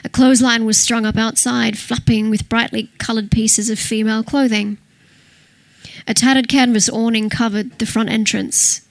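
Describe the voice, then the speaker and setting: A woman reading a crime novel aloud in steady, scripted narration. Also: fairly high pitch, dry recording. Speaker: audiobook narrator.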